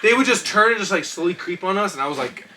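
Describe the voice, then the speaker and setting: Bright-voiced, high-pitched podcast host. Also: male voice, animated, fast talker, slight background noise. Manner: profane storytelling, shouts when acting out scenes. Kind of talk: casual comedy podcast chat.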